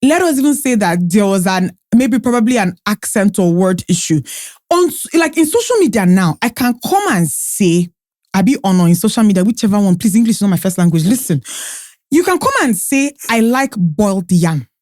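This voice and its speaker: A woman co-hosting a podcast, telling stories in an animated, emphatic way. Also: mid-range voice, a little fast, dry recording. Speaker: podcast co-host. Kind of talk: casual chat.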